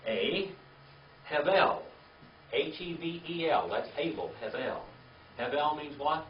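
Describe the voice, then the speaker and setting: A man's voice: on the high side, animated, slow, slight background noise. Man drilling Hebrew words with a class. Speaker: Bible teacher. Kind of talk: Bible class teaching with call-and-response. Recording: roomy, distant, dull lo-fi sound.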